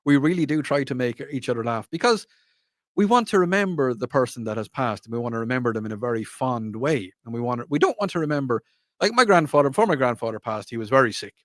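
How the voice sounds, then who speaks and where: An Irish man hosts a radio talk show, rambling, joking and poking fun at himself into a studio microphone. His mid-range voice is animated and fast, and there's no room sound.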